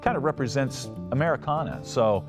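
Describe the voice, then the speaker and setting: A man hosting a podcast in a casual monologue, often laughing and mocking quotes in a deep announcer voice. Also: lively intonation, fairly quick, over music. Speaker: podcast host.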